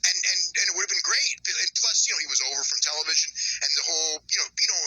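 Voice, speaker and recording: A man being interviewed, telling wrestling backstage stories in a casual, animated way and acting out quotes. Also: fairly high pitch, fast talker, slightly rough, no echo, low-quality recording. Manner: animated, laughing, acts out quotes. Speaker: wrestling journalist guest.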